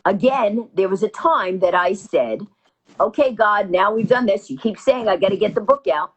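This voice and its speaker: A woman from New York telling stories as an interview guest, quickly acting out every quoted line. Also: mid-range voice, animated, husky, lo-fi sound. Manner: rapid anecdotal storytelling, acting out quotes. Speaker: interview guest, comedienne and author. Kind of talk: animated storytelling.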